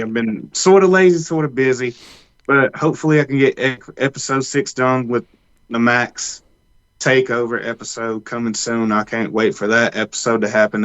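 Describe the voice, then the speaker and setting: A man's voice: mid-range voice, a bit bright, dull audio. A man co-hosting a podcast, rambling loosely with frequent restarts. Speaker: podcast co-host. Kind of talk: casual chat.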